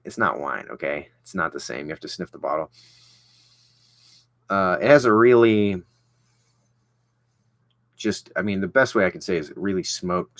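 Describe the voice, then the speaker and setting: A man's voice: deep voice, fairly bright tone, dry recording. A young man chatting casually as he unboxes and tastes a whisky, rambling with lots of fillers and restarts. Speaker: vlogger reviewing whisky.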